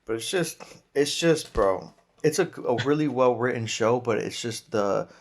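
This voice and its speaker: A man chatting casually on a podcast, talking excitedly with lots of restarts and slang. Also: medium pitch, normal speed, a little hiss or hum. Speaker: podcast panelist.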